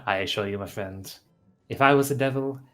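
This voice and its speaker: Courteous man, hushed, gentle, lowish voice, tabletop role-play, man performing. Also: brisk, faint music behind, lightly acted. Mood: soothing.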